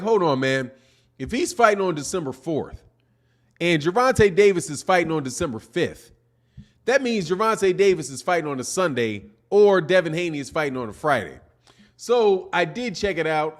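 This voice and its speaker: A young man with a somewhat high-pitched voice hosts a live boxing stream. He talks loosely and casually, rambles and restarts his sentences, and sprinkles "man" through nearly every thought as he answers viewer comments. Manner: laid-back, rambling, peppers talk with "man".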